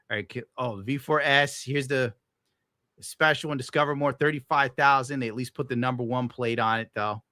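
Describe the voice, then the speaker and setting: This podcast host's voice is bright and forceful, holding a steady tone at moderate pace in a dry, clean studio recording. A young adult man, he rants on a casual stream with exasperated sarcasm, frequent swearing, and sudden high-pitched outbursts of outrage.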